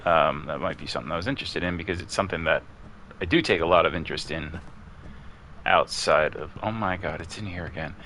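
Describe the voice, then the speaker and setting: A man with a low voice, crisp and bright on top, talks through a ghost hunt on a desk mic. He muses aloud in a chatty way and keeps calling out questions to the ghost. A faint hiss sits under his voice. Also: brisk. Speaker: gamer streaming his play. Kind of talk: casual commentary while playing.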